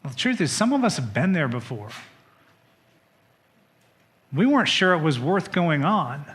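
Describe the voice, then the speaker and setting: A male pastor giving a sermon, telling a story in a conversational, animated way and acting out quoted voices. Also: a little high, moderate pace. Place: church sanctuary.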